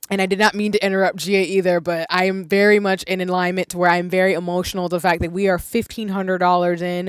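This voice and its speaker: Smooth-voiced woman hosting a panel. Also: on the low side, no room sound, clean studio sound. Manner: warm, effusive thanks, many fillers. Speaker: panel host. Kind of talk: livestream panel moderation.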